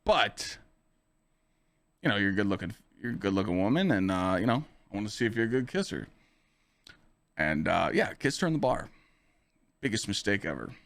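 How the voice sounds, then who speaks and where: A man's voice: fairly low pitch, normal speed, creaky, long pauses. A man hosting a podcast, telling a story in a casual, profane way, full of filler phrases. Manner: animated, profane, full of "you know" fillers. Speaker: podcast host and streamer.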